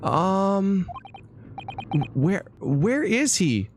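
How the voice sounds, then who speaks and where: A man's voice: high-pitched, sing-song, drawn-out words, noisy background, voice pushed up, full character voice. A man voicing a flustered young male student in a game, startled and stammering.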